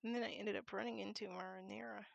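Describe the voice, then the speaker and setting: A woman's voice: medium pitch, fairly even intonation, quick pace, vocal fry, no echo, highs cut off. Woman reading as a timid little boy. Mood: remorseful. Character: small remorseful boy, timid and eager.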